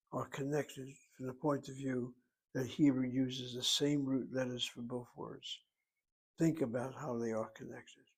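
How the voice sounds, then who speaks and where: Husky-voiced guy giving a slow careful language lecture, spells stuff out. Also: mid-range voice, rough recording. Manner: slow, deliberate, spells words out letter by letter. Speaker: Hebrew teacher.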